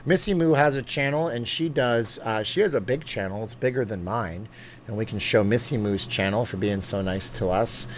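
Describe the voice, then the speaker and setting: A man's voice: lowish voice, slight background noise. A man hosting a casual live-stream chat, rambling from one topic to the next. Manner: rambling, chatty, quick asides and laughs.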